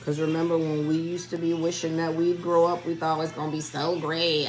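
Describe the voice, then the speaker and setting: A woman's voice: sits low, little pitch movement, brisk, hardly any pauses, a little mellow, poor audio. A woman giving a spiritual reading in a casual solo vlog, chatty and rambling as she talks straight to her viewers. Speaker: spiritual reader.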